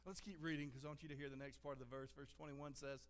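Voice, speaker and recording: A man's voice: mid-range voice, little pitch movement, very fast. A man preaching a sermon as a pastor, earnest and conversational, repeating "listen" to press his points. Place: church sanctuary. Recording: long hall reverb.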